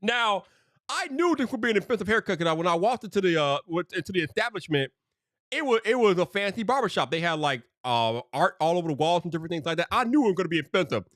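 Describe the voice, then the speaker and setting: A man's voice: high voice, fast, no echo. A man casually spinning a story on his stream, heavy on slang and "bro". His voice leaps up and down constantly as he talks. The sound is close and dry, with no room around it. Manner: animated, slangy, full of "bro". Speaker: streamer host.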